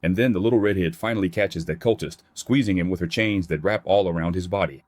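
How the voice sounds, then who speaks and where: A man's voice: low-pitched, quick pace, a little mellow, no room sound. A man narrating a comic recap in a plain scripted read, voicing characters' quotes in his own voice.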